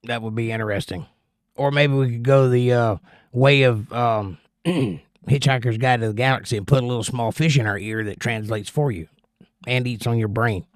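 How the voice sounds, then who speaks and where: A man's voice: mid-range voice, normal speed, no echo, clean studio sound. A man hosting a casual livestream, chatting easily and rambling in reply to viewer comments. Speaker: livestream host.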